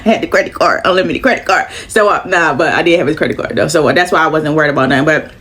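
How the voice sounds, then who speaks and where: A woman's voice: sits low, very fast, fairly bright tone, breathy edge. A woman telling a long personal story in casual, profane speech, out of breath, repeating lines for emphasis. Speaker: storyteller vlogger.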